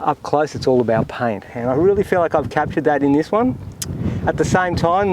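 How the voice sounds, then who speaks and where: Faint hiss or hum runs under this low-quality clip of an Australian man with a mid-range voice. He is painting outdoors in windy, open countryside, offering calm, reflective demonstration commentary and talking to himself along the way.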